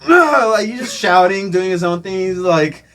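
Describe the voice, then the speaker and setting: A man being interviewed, telling a casual story, animated and acting out the voices of people he met, often laughing. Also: high voice, moderate pace. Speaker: interview guest, drummer.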